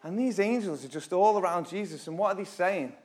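A fairly high-voiced man leads a casual Bible teaching in a church. His talk is chatty and conversational, with sudden loud, emphatic bursts. When he reads scripture he slows down and gives it drama. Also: expressive. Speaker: preacher.

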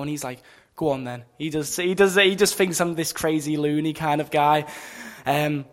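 A man's voice: on the high side, normal speed. A young man giving an earnest, informal sermon testimony to students as a Christian speaker, casual and full of fillers. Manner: earnest, casual, many fillers like "you know" and "just". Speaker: Christian speaker at a campus meeting.

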